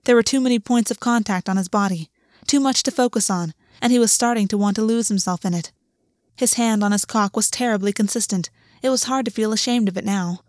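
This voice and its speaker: A woman reads a story aloud in a steady, measured voice. Her pitch sits in a middle register. The recording is dry and close, with no room echo. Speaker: audiobook narrator. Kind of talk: scripted story narration.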